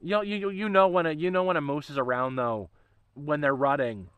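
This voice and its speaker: A man's voice: a little high, fairly quick, smooth, dry recording, rough recording. A man rambling in a casual livestream chat, swearing freely and laughing often. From Canada. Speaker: channel host.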